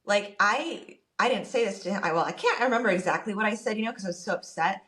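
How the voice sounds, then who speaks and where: A woman podcast co-host telling a personal story in casual chat, animated and quick to quote what everyone said. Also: mid-range voice. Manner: animated, quotes people in her story, rushes when upset.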